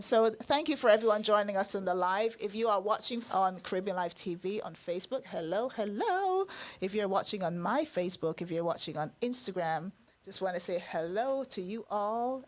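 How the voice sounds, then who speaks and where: A woman's voice: medium pitch, animated, normal speed. A woman hosting a live-streamed talk show, bubbly and chatty with frequent laughter. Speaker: host. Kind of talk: casual live-stream chat. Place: indoor studio.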